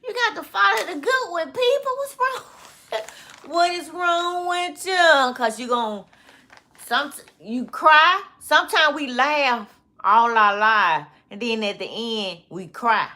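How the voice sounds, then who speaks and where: A woman vlogger, talking slowly in a rambling monologue, repeating phrases and often breaking into laughter. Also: high-pitched, expressive, pushed and bright.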